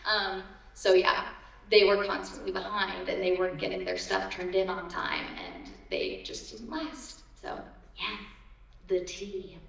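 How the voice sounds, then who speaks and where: A woman's voice: medium pitch, expressive, a little slow, gravelly, fairly bright tone. A woman in her thirties, a voice actor on a convention panel, chatting in a rambling, giggly way with lots of ums. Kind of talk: casual Q&A storytelling. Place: large convention hall. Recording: echoey hall from far off.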